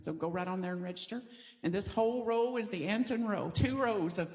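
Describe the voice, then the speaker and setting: A woman's voice: medium pitch, fairly quick, a little mellow, faint music behind. A middle-aged woman from the American South preaching a sermon in a church, conversational and playful, inviting the congregation to repeat lines with her. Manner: conversational and playful, leads the congregation in call-and-response. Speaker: pastor. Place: church sanctuary.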